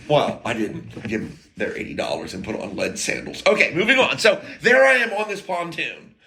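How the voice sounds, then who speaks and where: Animated American man telling a rambling story. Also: fairly high pitch, normal speed, vocal fry. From United States. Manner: rambling, profane, self-interrupting, jokey asides. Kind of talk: casual anecdotal monologue.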